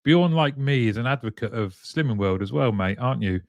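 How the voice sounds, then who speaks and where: A man's voice: medium pitch, expressive, fairly quick, creaky, no echo. A man hosting a live stream, chatting casually and greeting viewers one by one by name, with plenty of ums. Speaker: live show host.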